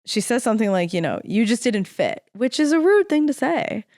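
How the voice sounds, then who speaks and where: A woman's voice: fairly high pitch, brisk, dry recording, clean studio sound. A young adult woman co-hosting a podcast, casually recapping a TV episode and acting out the characters' lines as she goes. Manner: animated, acts out characters' lines while retelling. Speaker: podcast co-host. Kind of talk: casual chat recapping a TV show.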